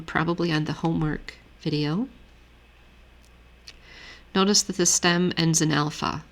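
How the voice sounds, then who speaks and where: A woman teaching Greek grammar in a steady, methodical way, walking through a lesson on screen. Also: low-pitched, vocal fry. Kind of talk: screen-share lesson walkthrough.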